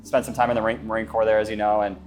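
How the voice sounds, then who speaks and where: A man from the Phoenix area, a business owner, giving a confident, brisk tour and interview inside his office. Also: on the low side, flat delivery, a little mellow, faint music behind. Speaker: guest, brokerage owner. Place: inside a real estate office.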